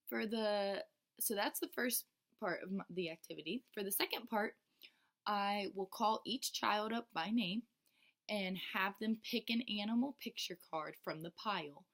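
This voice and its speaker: A woman's voice: medium pitch, normal speed. A woman who teaches young children, walking step by step through a lesson plan with some ums and restarts. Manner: steady, step-by-step explaining with frequent ums and restarts; shifts into a bright, singsong teacher voice when quoting herself to children. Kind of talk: explaining a lesson plan to camera.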